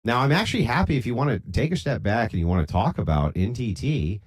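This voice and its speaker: A man's voice: mid-range voice, animated, quick pace, slightly rough. A man hosting a live-streamed debate, talking bluntly and profanely in a lecturing tone. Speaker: debate host.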